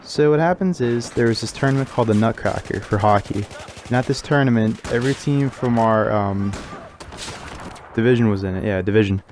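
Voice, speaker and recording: A man's voice: on the low side, brisk, darkish tone, slight background noise. A young man telling a casual storytime vlog story, rambling with lots of fillers and swearing. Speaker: channel member telling a story.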